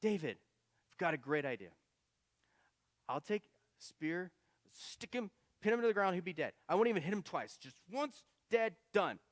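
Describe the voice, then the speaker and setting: A preacher puts on a pushy, boastful young warrior, talking higher and excitedly in a bare, close voice. The figure brags and presses hard for his plan. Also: moderate pace, dry recording. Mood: eager. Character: eager young male warrior, itching to strike.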